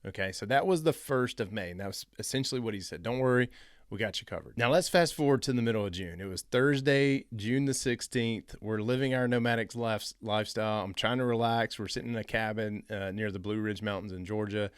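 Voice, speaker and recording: A man hosting a show on rental investing, telling a personal story in a casual, animated way and acting out the phone calls he describes. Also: lowish voice, brisk, smooth, dry recording, studio quality. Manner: animated, re-enacts phone calls in quoted voices. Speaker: real estate investing host.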